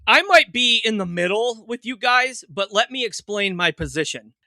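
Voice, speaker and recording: A man hosts a casual podcast chat, his voice very bright and a touch high. He rambles and interrupts himself with jokes. The sound is dry and close. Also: lively intonation, normal speed, no room sound. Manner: rambling, self-interrupting, joking. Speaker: podcast host.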